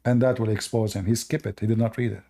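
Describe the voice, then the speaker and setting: A man's voice: on the low side, steady tone, fast talker, gravelly, warm tone. A man hosting a live call-in debate, mocking and scornful toward the caller. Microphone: online call.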